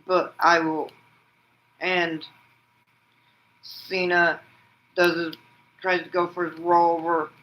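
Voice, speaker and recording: A man hosting a wrestling vlog, narrating an imagined match like play-by-play and shouting out the pin counts. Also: on the high side, little pitch movement, slow, pauses often, highs cut off. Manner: breaks into loud shouted pin counts and move calls; rambling, restarts sentences with "and then". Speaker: wrestling vlogger host. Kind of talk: excited fantasy-booking play-by-play.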